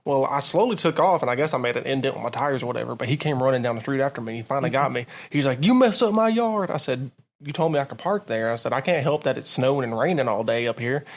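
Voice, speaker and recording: Fast-talking man telling stories. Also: medium pitch. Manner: rambling, profane, laughing anecdotes. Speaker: podcast guest, utility meter worker. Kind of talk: casual storytelling chat.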